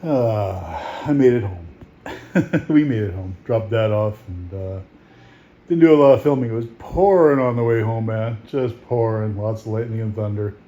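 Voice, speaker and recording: A man's voice: on the low side, normal speed, dark tone, lo-fi sound. A man with an Iron Range Minnesota accent, narrating a casual travel vlog in an easygoing, rambling way with frequent chuckles. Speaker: vlogger. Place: outdoors at an engine show, then in a vehicle. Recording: noisy outdoor recording with vehicle sounds.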